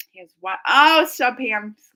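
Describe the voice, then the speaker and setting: A woman's voice: a little high, bright, forceful tone. Young woman streamer chatting casually w her viewers, laughy, voice swings up and down a lot. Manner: chatty, giggly, reads viewer comments aloud. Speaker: reaction channel host. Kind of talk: casual live-stream chat.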